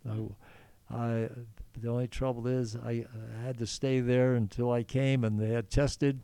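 A man's voice: mid-range voice, mellow, clean tone, no echo. An older man being interviewed, telling stories from his past in an earnest, rambling way with many restarts. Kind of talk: storytelling in conversation.

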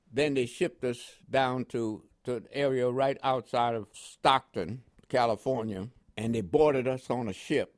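A man's voice: mid-range voice, a little mellow, dry recording, studio quality. An older American man telling his story in an oral history interview, in a chuckling storytelling manner with repeated words. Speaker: interviewee, WWII veteran.

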